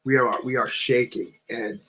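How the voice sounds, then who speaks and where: A man from New Jersey, a channel co-host, telling a personal story in a halting, repetitive way with many restarts. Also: medium pitch, fairly even intonation, sharp tone, breathy edge, rough recording.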